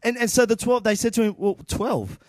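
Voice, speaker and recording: Casting: male lay preacher, high pitch, bouncy, slangy, dry close sound. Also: fast, no echo. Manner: energetic, repeats words, casual slang. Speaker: church volunteer preacher. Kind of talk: informal sermon.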